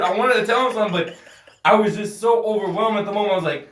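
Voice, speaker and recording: A man co-hosting a casual podcast, telling profane, animated stories with acted-out quotes, recorded on a phone in a home studio. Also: high-pitched, quick pace. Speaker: podcast co-host. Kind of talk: casual chat. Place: house used as a home studio. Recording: echoey room, off-mic.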